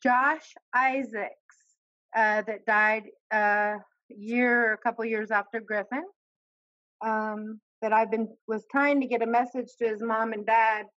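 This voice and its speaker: Higher-voiced woman, dull dry sound. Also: steady tone, slow pace, a bit bright, no echo. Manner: short agreeing replies. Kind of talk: casual chat.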